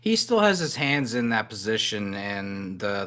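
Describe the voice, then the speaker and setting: Male tabletop player, very low voice, quiet and brief. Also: lively intonation, a little slow, few pauses. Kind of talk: describing his character in a tabletop game.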